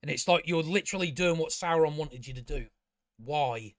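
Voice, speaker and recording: Sarcastic guy ranting and swearing, kinda high voice, dry close mic. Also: moderate pace, no room sound. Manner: sarcastic, exasperated, swears a lot; mocking impressions of characters. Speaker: show reviewer. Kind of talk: casual profane rant.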